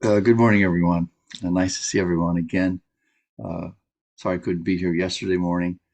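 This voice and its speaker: Low-voiced man reading aloud. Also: level tone, brisk, a little mellow. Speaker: professor and guest reader.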